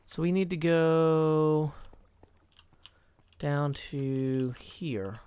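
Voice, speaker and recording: Male streamer, high-pitched, chatty, self-mocking, reads chat aloud. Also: drawn-out words, a little mellow, clear, resonant tone, no room sound. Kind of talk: live game-stream chat.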